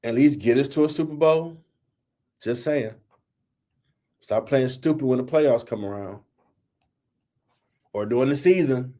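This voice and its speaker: A middle-aged man hosting a sports talk show, blunt and fired up. He scolds teams and players in loose, slangy everyday talk, with a steady mid-range voice. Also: medium pitch, unhurried, pauses often. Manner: blunt, heated, colloquial, scolding. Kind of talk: opinionated sports rant.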